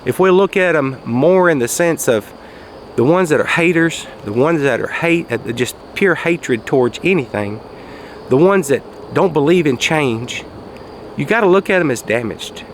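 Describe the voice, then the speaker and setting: A man telling a folksy story outdoors in a casual monologue, raising his voice for quoted shouts. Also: on the high side, animated, moderate pace, slight background noise. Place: outdoors, quiet spot near traffic.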